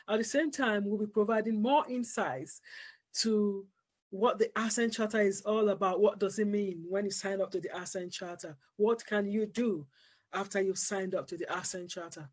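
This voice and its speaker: Interview host, formal and measured, steady delivery. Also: male voice, high voice. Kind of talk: scripted interview introduction.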